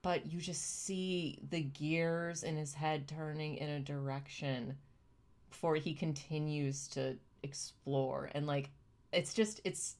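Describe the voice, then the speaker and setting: A young woman talks through a live stream in a low voice. She takes her time and explains what she sees carefully. Her feelings come through openly, and she sounds close to tears. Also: steady tone, slow pace, a little mellow. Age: young adult. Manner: emotional, gushing, often near tears; thoughtful, explaining in plain terms. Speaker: streamer reacting to chimp videos. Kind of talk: casual live-stream commentary.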